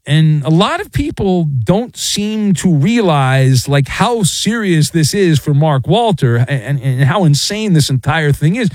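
A man's voice: a little high, very animated, a little slow, hardly any pauses, darkish tone, no echo. A man giving jokey, theatrical solo sports commentary. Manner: theatrical, jokey, mock sound effects.

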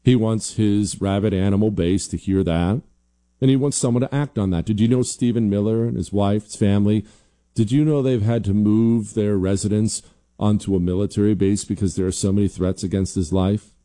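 A man hosts an opinionated commentary show. His voice is deep-set and very mellow, with no brightness at all. He drives his points home combatively, repeating lines for emphasis. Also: fairly even intonation, brisk. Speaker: political commentary host.

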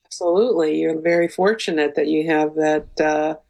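A woman guest on a radio show, speaking calmly and earnestly with hesitant fillers. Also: low voice, normal speed, creaky, low-quality recording. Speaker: guest researcher. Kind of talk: radio interview.

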